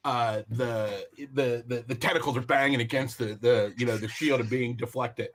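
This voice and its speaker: Halting male game master. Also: medium pitch, fairly even intonation. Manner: halting, many restarts and fillers. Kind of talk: narrating a tabletop game.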